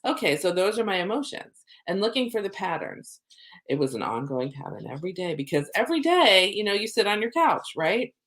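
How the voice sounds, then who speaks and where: A middle-aged woman, a soul coach, talking casually to camera and acting out her own inner thoughts in lively asides. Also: mid-range voice, a little fast.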